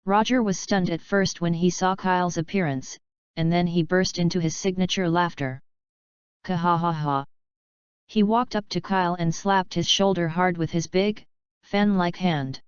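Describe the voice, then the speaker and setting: A woman reading a fanfiction audiobook aloud in a steady, even narration. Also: on the low side, normal speed, clear, resonant tone, dry recording, dull audio. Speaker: audiobook reader. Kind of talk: scripted narration.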